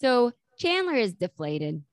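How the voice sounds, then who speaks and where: A woman co-hosting a casual chat and recapping a sitcom episode, lively, often acting out characters' lines. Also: a little high, measured pace, a crowd in the background. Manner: animated, acts out characters' lines. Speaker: podcast co-host.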